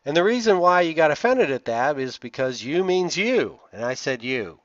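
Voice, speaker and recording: A man's voice: fairly high pitch, sing-song, normal speed, a bit bright, no room sound. A man from the Southern United States with a Southern accent, lecturing over slides with emphatic stress on key words and frequent "uh" fillers. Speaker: instructor. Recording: dull, dry lo-fi sound.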